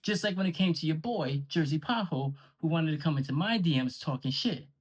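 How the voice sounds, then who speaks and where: A man's voice: fairly high pitch, expressive, a little fast, husky. A man delivering a confrontational, sarcastic and profane callout rant to the camera about a league he runs. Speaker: online league owner.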